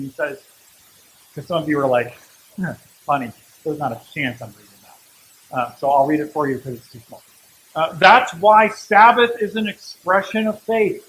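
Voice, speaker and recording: High-voiced man preaching conversationally. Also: a bit bright, slight background noise, poor audio. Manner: conversational preaching with humorous asides. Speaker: pastor. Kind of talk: sermon.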